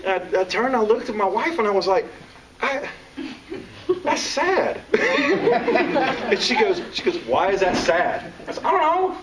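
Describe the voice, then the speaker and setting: A man's voice: high voice, normal speed, a loud crowd. Joking man far from the mic. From American South. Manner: joking, animated storyteller. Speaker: author and teacher. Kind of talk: author talk to a live audience. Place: room with a live audience. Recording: distant mic with audience around.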